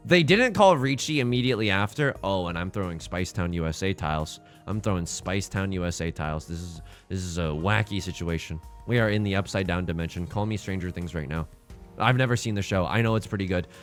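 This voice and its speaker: A young man giving casual gameplay commentary as a let's play host, swinging between fretting mutters and excited outbursts. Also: lowish voice.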